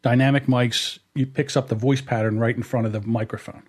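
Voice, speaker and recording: A man hosting a casual podcast, talking into a studio mic in a voice of ordinary middle pitch. He tells stories in a blunt, rambling way. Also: fairly even intonation, fairly quick, a little mellow, husky. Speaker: podcast host. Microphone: dynamic studio mic.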